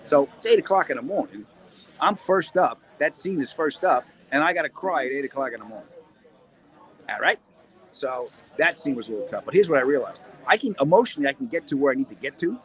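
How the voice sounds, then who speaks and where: A man's voice: fairly high pitch, expressive, fairly quick, a bit bright, rough recording. Middle-aged comic guy chatting live from his cellar, rambling, jokey, reading viewer questions. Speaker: comedian and actor hosting a live chat. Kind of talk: casual live-stream chat. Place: cold cellar corner, indoors.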